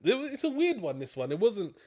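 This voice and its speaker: A man's voice: sits high, huge pitch swings, quick pace, darkish tone. A man co-hosting a film review, tired and yawning, with loose slang and trailing restarts. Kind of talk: casual review chat.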